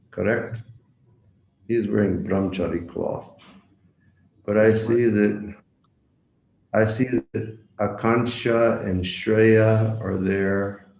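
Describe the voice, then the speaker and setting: A man's voice: lowish voice, a little mellow, roomy sound, rough recording. A man giving a devotional lecture as a visiting monk, telling a story, repeating words for emphasis and asking his listeners direct questions. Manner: asks the audience direct questions.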